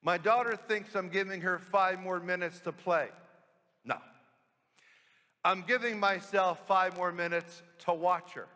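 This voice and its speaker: A man's voice: high-pitched, pushed and bright. A man voicing a tired but devoted father who explains himself earnestly and tenderly. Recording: long church reverb.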